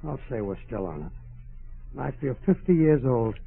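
A man with a dry, put-upon and complaining way of talking. His voice has a gravelly edge and a lively pitch. It sounds thin and tinny. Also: a little slow. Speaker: comedy radio star. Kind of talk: 1940s radio acting. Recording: tinny old radio broadcast.

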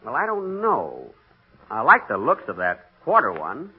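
A man's voice: mid-range voice, huge pitch swings, a little slow, breathy edge, heavily acted. A man starring in a 1940s radio comedy, talking in an exasperated, bickering way. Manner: exasperated, arguing with himself. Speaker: comedy star of the show. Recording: lo-fi old radio broadcast.

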